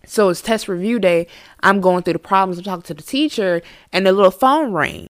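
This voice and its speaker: A woman podcast host telling a storytime monologue in a candid, profane, animated way. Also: medium pitch, fairly quick, very noisy.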